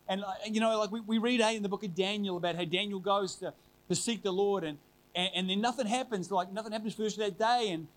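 A middle-aged man preaching a sermon, telling a personal story in an earnest, conversational way with frequent restarts. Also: high voice.

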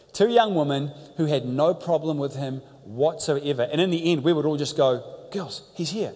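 High-voiced preacher in a reverberant church. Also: male voice, a little mellow. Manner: emphatic, repeats phrases, storytelling. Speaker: pastor. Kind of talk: sermon. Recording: long hall reverb.

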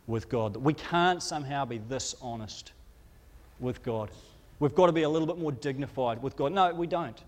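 A man preaching a sermon, impassioned, acting out quoted cries to God with rising urgency. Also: a little high. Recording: long hall reverb.

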